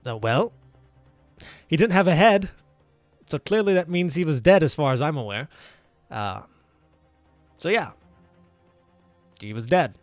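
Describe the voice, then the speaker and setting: A man's voice: on the high side, animated, measured pace, pauses often, no room sound, faint music behind. A man voicing a matter-of-fact male witness who answers with hesitant fillers. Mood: flat.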